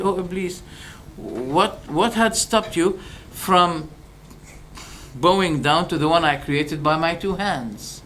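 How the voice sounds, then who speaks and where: A man with a fairly high voice delivers a religious lecture to his listeners. He is animated and rhetorical, firing off quick questions and briefly acting out both sides of an argument. A faint hum of background noise sits beneath his voice. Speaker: Islamic preacher.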